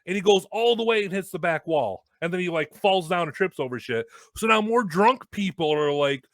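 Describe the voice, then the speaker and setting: A young man hosting a casual chat, telling a story with lots of swearing and loud acted-out quotes. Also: high voice, a little fast, dry recording. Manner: animated, swearing, acts out quotes loudly. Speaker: host.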